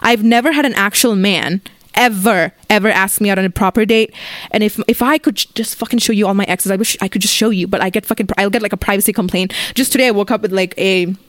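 Young woman podcast host, mid-pitched, dry close mic, blunt profane storytime rant, heavy "like" fillers. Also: fast, no echo. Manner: blunt, profane, lots of "like" fillers, acts out friends' voices.

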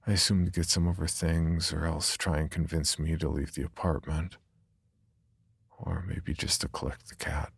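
A man narrating a first-person horror story in a subdued, brooding way, with a husky, gravelly voice. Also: extremely low pitch, little pitch movement, moderate pace, no echo.

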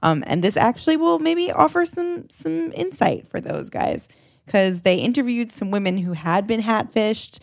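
A woman's voice: on the high side, expressive, normal speed, vocal fry, dry recording, clean studio sound. A young woman co-hosting a casual dating podcast, chatty, telling stories with giggles. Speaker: podcast co-host. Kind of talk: casual chat.

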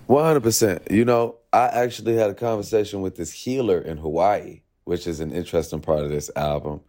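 A young man, a musician, talking in a relaxed, reflective way during an interview, thinking aloud with plenty of fillers. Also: deep voice, brisk. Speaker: musician guest. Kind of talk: casual interview talk.

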